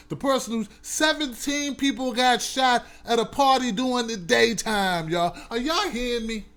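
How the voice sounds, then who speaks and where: A man's voice: very high voice, fairly bright tone. A male talk show host giving emphatic, preachy commentary and speaking straight to his audience. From United States. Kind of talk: opinionated commentary.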